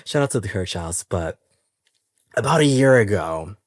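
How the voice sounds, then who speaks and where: A man hosting his own music podcast in a casual, animated, chatty way, laughing often and using easy slang. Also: fairly low pitch, normal speed, no room sound, clean studio sound. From San Francisco Bay Area. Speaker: podcast host. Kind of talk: casual solo podcast chat.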